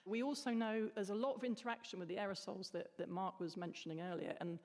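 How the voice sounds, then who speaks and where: A woman's voice: medium pitch, steady tone, fast, a little mellow. A woman chemist explaining in a casual panel chat, laughing now and then. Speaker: atmospheric chemist guest. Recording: reverberant hall.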